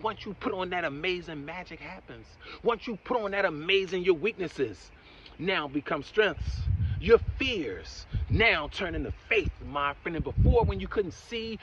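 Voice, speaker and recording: Man, motivational speaker, preachy and encouraging, fairly high voice, slightly muffled audio, faint hiss. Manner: repeats "my friend" and "right?" often, preachy and encouraging; swings between loud emphatic bursts and quiet asides. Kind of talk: motivational talk.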